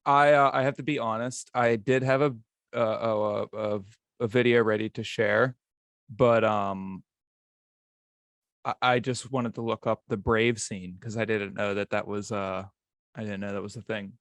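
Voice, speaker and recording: A man's voice: lowish voice, steady tone, unhurried, fairly bright tone, no room sound. A man hosting a podcast in casual chat, rambling and stumbling over his words. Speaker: podcast host.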